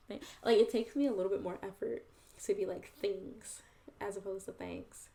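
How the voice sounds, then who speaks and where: Earnest woman with a gravelly, mellow voice. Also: mid-range voice, steady tone, moderate pace. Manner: earnest and reflective, chatty, addresses viewers as y'all. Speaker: host and poet. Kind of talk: casual vlog monologue to viewers.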